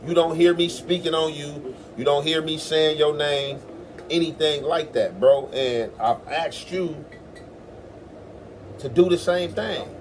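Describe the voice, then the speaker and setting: A man's voice: on the high side, a little slow, a little hiss or hum. A man hosting his own commentary show, talking back to a podcast clip in a defensive, insistent way and acting out what others said. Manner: defensive, insistent, acts out quotes. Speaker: host.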